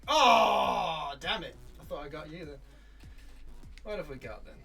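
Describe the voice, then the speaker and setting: A man keeps up a running commentary on his game, his voice jumping around in pitch as he groans and swears at each hit. He sounds a little distant from the mic, with music playing underneath. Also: big pitch swings, unhurried, gravelly, pushed and bright. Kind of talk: casual gaming chat.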